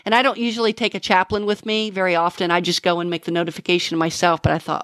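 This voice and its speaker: A middle-aged woman, a homicide detective, telling the story of a case in an interview, halting and emotional, with many restarts. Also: fairly low pitch, little pitch movement, fairly bright tone, dry recording, studio quality.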